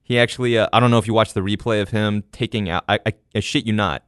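A man co-hosting a podcast, talking sports casually, relaxed and rambling with fillers and quick laughs. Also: fairly low pitch, clean tone, no echo, studio quality. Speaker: podcast co-host.

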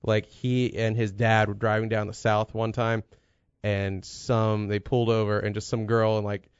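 A man's voice: fairly low pitch, normal speed, smooth, no room sound, lo-fi sound. A man co-hosting a casual podcast chat, rambling and profane, telling stories with lots of energy. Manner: rambling, profane, animated storytelling. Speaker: podcast co-host.

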